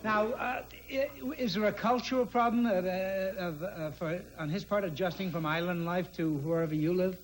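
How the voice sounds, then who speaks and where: A man's voice: high-pitched, normal speed, few pauses, rough recording. A man on a game show panel, joking and asking rambling questions. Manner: joking, chuckling, meandering questions. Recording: studio audience noise.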